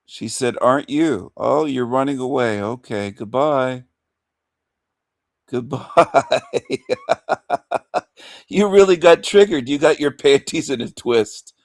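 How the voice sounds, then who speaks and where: A man's voice: mid-range voice, takes it slowly, pauses often, no room sound, studio quality. A man hosting a livestream rant in a mocking, taunting manner, chuckling between insults. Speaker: livestream host.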